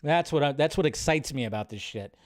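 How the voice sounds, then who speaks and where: Dude hosting a live stream, hyped and rambly, cusses a lot, slightly high voice. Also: male voice, a little fast, heavy background noise. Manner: excitable, rambling, swears freely. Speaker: host. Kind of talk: casual live-stream commentary.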